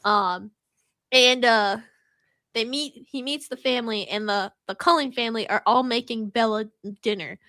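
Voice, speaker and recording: A woman's voice: fairly high pitch, normal speed, bright, forceful tone, dry recording, studio quality. A woman co-hosting a podcast, casually retelling a story with mocking asides and frequent laughter. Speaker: podcast co-host. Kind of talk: casual chat.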